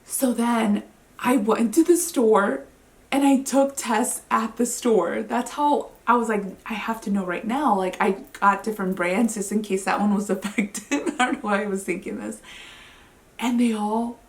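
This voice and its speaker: A woman in her thirties telling a personal story to camera as a vlogger at home, chatty and excitable, with many filler words. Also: fairly high pitch, measured pace. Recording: roomy sound, mic at a distance.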